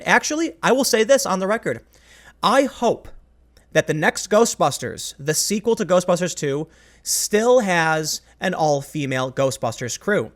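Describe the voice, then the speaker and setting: Man, host commentary, rambling and emphatic, self-interrupting, somewhat high-pitched. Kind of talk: opinionated commentary monologue.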